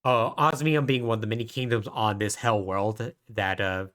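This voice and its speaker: With a voice on the low side and a moderate pace, a podcast co-host casually recounts a story. He's animated throughout, joking and laughing at his own punchlines.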